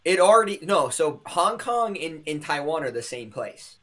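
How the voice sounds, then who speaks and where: A man's voice: on the high side, big pitch swings, normal speed, a bit bright. A young man co-hosting a podcast, chatting casually in a rambling, opinionated way and swearing often. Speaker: podcast co-host. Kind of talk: casual chat.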